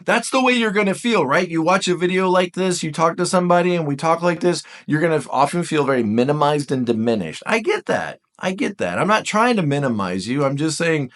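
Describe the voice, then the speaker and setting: A man's voice: on the high side, brisk, few pauses. A man teaching about the Enneagram in a casual spoken lesson, talking straight to the viewer and reading book passages aloud with comments on them. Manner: animated, talks straight to the viewer.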